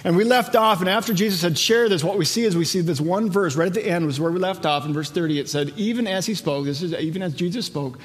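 A male pastor with a fairly high voice delivers a sermon from a church sanctuary. He talks to the congregation like a conversation and slows down for quoted verses. His voice trails off into a long hall reverb.

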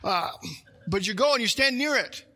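A man's voice: very high voice, expressive, moderate pace, pushed and bright. A middle-aged man from Minnesota preaching a sermon in a conversational way, with asides and jokes. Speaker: pastor.

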